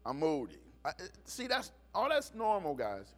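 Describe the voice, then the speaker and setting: A man's voice: on the high side, moderate pace. A middle-aged male pastor preaching a sermon, telling stories and acting out the voices of the people in them. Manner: animated storytelling, acts out voices.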